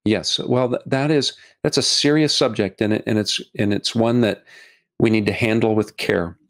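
A middle-aged man, a documentary filmmaker as a podcast guest, talking earnestly and haltingly, often restarting and repeating words. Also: on the low side, fairly even intonation. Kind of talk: podcast interview.

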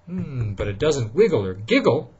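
Father reading a bedtime story; husky, animated, asks the child questions, lo-fi. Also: mid-range voice, measured pace.

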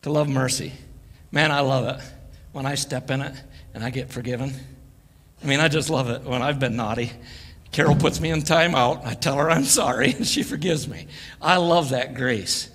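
A man's voice: medium pitch, fairly bright tone, slightly rough. An older man giving a folksy, joking sermon as a guest preacher, acting out quoted voices. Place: church sanctuary. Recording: church live stream with long reverb.

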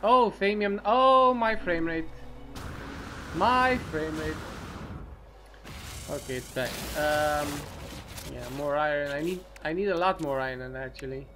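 A man's voice: on the high side, animated, normal speed, background noise. A man giving casual gameplay commentary, muttering to himself and swearing often. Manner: profane, muttering, talks to himself. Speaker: let's play commentator.

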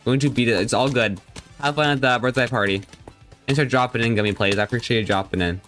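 A man's voice: medium pitch, fast talker, a bit bright, faint music behind. A young man live-streaming a game, chatting casually and joking as he reads and answers his viewers' chat.

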